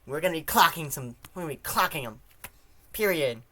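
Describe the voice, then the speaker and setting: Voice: mid-range voice, animated, fairly quick, pushed and bright, a little hiss or hum. A game streamer doing a let's play voice-over, reading the rookie lawyer lines in a nervous voice and joking between them.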